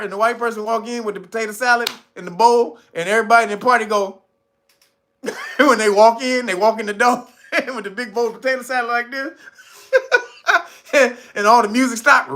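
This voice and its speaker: A man's voice: extremely high pitch, fast, a bit bright. A man hosting a casual commentary monologue, blunt and profane, laughing often. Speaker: channel host.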